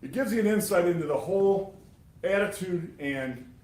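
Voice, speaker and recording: A man's voice: sits high, lively intonation, normal speed, darkish tone. Sarcastic man arguing in an echoey courtroom. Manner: emphatic and sarcastic, addressing jurors. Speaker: prosecutor. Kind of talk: courtroom closing argument.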